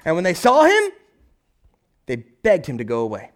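A man delivering a sermon with a high-pitched voice. He talks in an animated, chatty way and slips into quick acted-out voices to tell the story. He keeps asking his listeners "right?". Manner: animated preaching, acts out voices, frequent "right?". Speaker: pastor.

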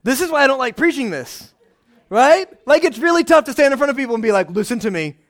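High-pitched guy preaching, talks like he's chatting with the church, keeps asking right?. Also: fast. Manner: conversational, animated, frequent "right?" asides. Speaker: pastor. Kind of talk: sermon.

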